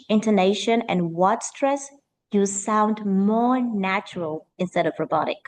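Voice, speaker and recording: A woman leads a pronunciation lesson as an accent coach. She speaks with lively energy and stretches key words out slowly to stress them. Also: mid-range voice, slight background noise. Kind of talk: teaching an online pronunciation lesson.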